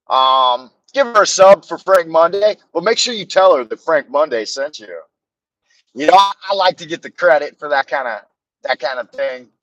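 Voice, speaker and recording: A man's voice: fairly high pitch, a bit bright, dry recording, poor audio. A middle-aged man hosting a livestream, rambling and joking crudely as he talks to his chat. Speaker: livestream host.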